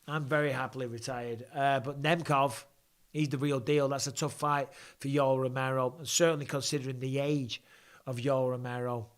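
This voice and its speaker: A man's voice: mid-range voice, level tone, moderate pace. A man hosting a live fan Q&A, talking through a blocked nose in a chatty, off-the-cuff way. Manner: chatty, restarts and asides. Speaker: host. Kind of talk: live reaction and fan Q&A chat.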